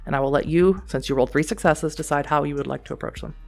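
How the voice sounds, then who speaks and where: A man narrating a tabletop role-playing game as game master, describing scenes in a measured way. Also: on the high side, vocal fry, faint music behind.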